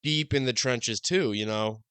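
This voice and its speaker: A man's voice: mid-range voice, measured pace, a bit bright, clear, resonant tone, dry recording. A young man co-hosting a podcast, reacting to a game recap with short, joking interjections. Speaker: podcast co-host.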